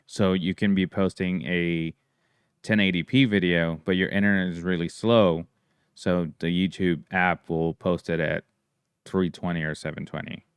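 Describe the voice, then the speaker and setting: A man's voice: sits low, fairly even intonation, normal speed, clean tone, no room sound, clean studio sound. A man co-hosting a podcast in casual chat, joking and teasing his friends. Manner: joking, teasing, swears freely. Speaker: podcast co-host.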